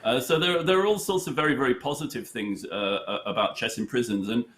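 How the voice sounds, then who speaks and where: A man from the United Kingdom tells stories at a relaxed, halting pace, often restarting his sentences. His voice sits at an ordinary middle pitch. The sound is roomy and echoey, as if recorded in a bare room over a call. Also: slight background noise. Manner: hesitant, many fillers and restarts, storytelling. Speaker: chess charity head, studio guest. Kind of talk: conversational interview answers. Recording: roomy echo.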